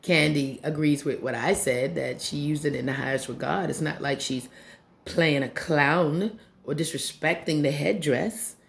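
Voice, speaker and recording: A fairly low-pitched woman tearing through a reality TV recap with blunt, animated energy. She swears freely and slips into voices to mimic the people on the show. The talk stays loose and conversational throughout. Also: measured pace, gravelly. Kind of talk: casual profane show recap.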